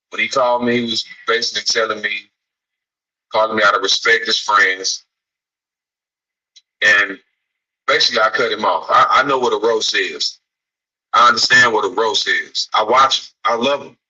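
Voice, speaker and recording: Male host, bright tense tone with husky edge, mic set back; earnest, emphatic commentary. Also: lowish voice, recorded from a distance, rough recording. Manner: earnest, emphatic, repeats himself. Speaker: podcast host. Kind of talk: casual commentary.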